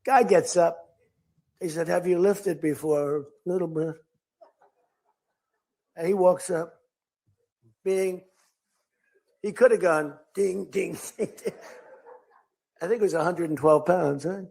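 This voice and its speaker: A high-sitting, creaky, somewhat mellow voice belongs to an older political speaker who keeps a measured pace and pauses often. His rambling, unscripted speech to a crowd is full of stories, with quoted lines performed in other voices.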